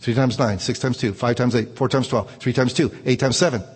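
A man voicing a calm, caring male schoolteacher, speaking slowly and steadily. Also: mid-range voice, slightly rough, in a large hall, voice pushed down, natural voice. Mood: stern, calm.

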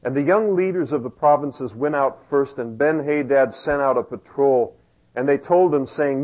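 A man's voice: mid-range voice, moderate pace, a little mellow, highs cut off. A male pastor preaching a sermon in a church, talking conversationally with self-deprecating asides and fillers.

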